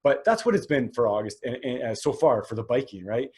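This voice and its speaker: This man in his forties runs a solo podcast, rambling candidly with lots of fillers and restarts. His medium-pitched voice has a sing-song, darkish quality, and he talks a little fast.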